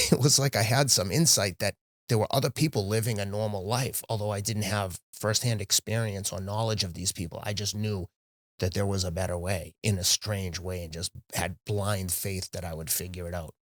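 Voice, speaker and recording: Speaking at a moderate pace in a fairly low voice, this middle-aged man is a podcast guest and marathon runner, recorded dry with clean studio sound. He tells stories candidly and with animation, frequently quoting himself and reenacting things he said to others.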